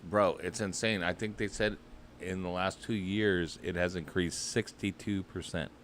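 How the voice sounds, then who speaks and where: A man's voice: low-pitched, steady tone, measured pace, a bit bright, a little hiss or hum. A man hosting a show, chatting casually with crude joking banter. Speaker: host. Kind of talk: casual chat.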